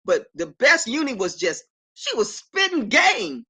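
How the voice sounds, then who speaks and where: A woman's voice: high-pitched, sing-song, a little slow, bright, forceful tone, slightly rough. A middle-aged woman on a casual live stream from her apartment, talking emphatically and affirming herself while greeting viewers by name.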